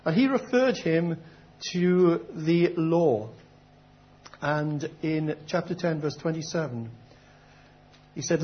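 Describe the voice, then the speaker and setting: A middle-aged man preaches to his congregation in an earnest, questioning, conversational manner. His voice sits a little high for a man, and the recording is dull and lo-fi. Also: takes it slowly, pauses often. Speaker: pastor. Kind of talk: sermon.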